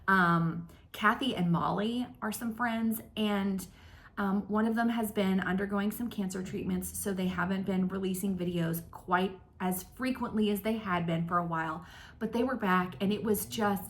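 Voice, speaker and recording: A woman in her thirties hosting a casual stitching vlog, chatting in a rambling, self-deprecating way with lots of ums. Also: medium pitch. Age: 30s. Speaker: flosstube host. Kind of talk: casual chat to camera. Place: home craft room.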